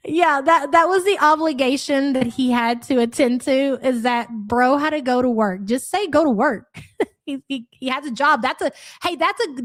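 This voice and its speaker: A woman's voice: high voice, no echo, studio quality. A woman with a Louisville accent hosting a live reaction stream, blunt, sarcastic and profane, reading chat messages aloud. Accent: Louisville Kentucky. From Louisville area, USA.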